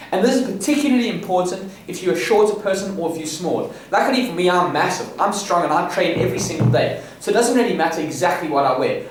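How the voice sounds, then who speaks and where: A man from South Africa delivers rambling, boastful self-improvement advice, full of restarts and confident asides. His voice sits a little high for a man. He is heard from some distance in a very echoey room, with faint ambience underneath. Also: slight background noise. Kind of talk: casual advice monologue.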